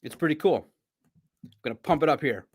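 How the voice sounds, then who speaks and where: Animated sports podcast host, a man. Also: on the high side, a little fast, husky. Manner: animated, chatty storytelling with laughs. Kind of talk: casual sports recap.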